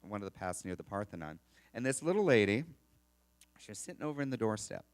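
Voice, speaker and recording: A man giving a chatty, animated storytelling talk to a live audience at an expo. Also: fairly low pitch, fast. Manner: chatty, animated, restarts and laughs. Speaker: speaker telling stories at an expo.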